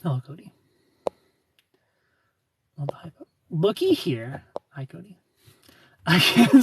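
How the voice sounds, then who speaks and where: A man's voice: fairly high pitch, very animated, slow pace, pauses often, a little hiss or hum. A man hosting a livestream, chatting casually and giving frank relationship advice to viewers by name. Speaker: livestream host answering viewer comments.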